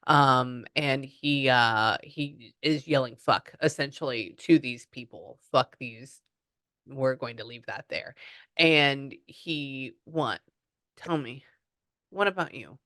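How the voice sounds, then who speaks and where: With a rumbling low voice and an unhurried pace, this medium relays messages in quoted asides as she talks through a reading. She moves from excited outbursts to quiet murmurs, and the recording has no echo.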